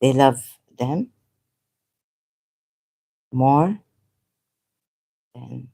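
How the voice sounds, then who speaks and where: A woman's voice: extremely low pitch, extremely slow, creaky, mellow, slightly rough. A woman talking in an unscripted monologue as an online commentator, impassioned and rambling, often repeating herself.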